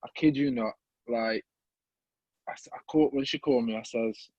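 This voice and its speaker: A young man with a Midlands accent tells a long story as a podcast guest, full of energy and acting out other people's voices. His voice sits at a middle pitch. The sound is dry and a little muffled. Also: normal speed, pauses often, darkish tone, dry recording. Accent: English Midlands. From England. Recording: slightly muffled dry recording.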